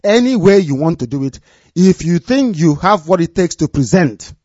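A man giving a live radio address to his followers as their movement leader. He speaks in a commanding, repetitive way and drops low and quiet when he gives warnings. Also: animated, normal speed, no echo, muffled recording.

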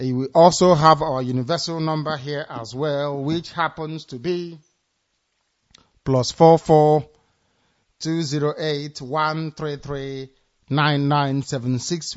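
A man hosting a radio phone-in show, briskly thanking the caller and reading out contact numbers. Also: a little high, steady tone, lo-fi sound. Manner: brisk, announces phone lines. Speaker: radio host.

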